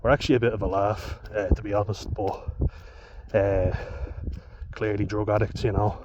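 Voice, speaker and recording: An Irish man with a fairly low-pitched voice speaks at an ordinary speed in a casual vlog monologue. He wanders from point to point, curses freely and adds chatty asides, all over dull, noisy lo-fi audio.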